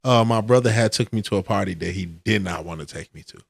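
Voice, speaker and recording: A man telling a profane, animated story in a casual podcast chat. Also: fairly low pitch, quick pace, gravelly, husky. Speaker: podcast co-host.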